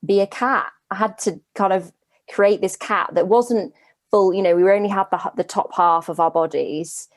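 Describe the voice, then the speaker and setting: An actress answering interview questions about her role over a video call, chatty and lively, laughing now and then. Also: medium pitch, normal speed, no echo. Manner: lively, laughs while explaining.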